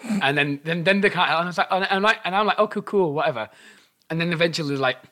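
Bright-voiced young man telling a story. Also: fairly high pitch, fast talker. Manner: animated, acts out quotes, laughs while telling. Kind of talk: casual storytelling chat.

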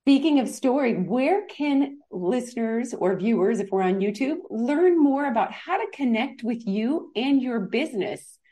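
A woman's voice: on the high side, expressive, a little slow, hardly any pauses, dark tone. A woman hosting a podcast interview, affirming and encouraging her guest. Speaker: podcast host.

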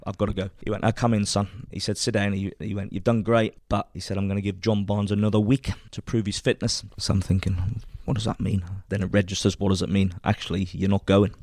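A man's voice: low voice, gravelly, dry recording, clean studio sound. An older English man and former footballer, animatedly telling a personal story and acting out quoted dialogue. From England. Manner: animated, acts out quoted dialogue, laughs often. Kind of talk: anecdotal storytelling.

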